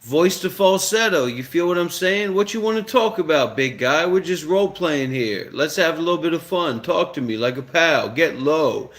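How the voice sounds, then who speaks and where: A pushy man chats casually with a voice assistant and hammers the same demands over and over. His pitch sits a little high, and his talk is crude and coaxing. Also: expressive, moderate pace, few pauses. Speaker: host.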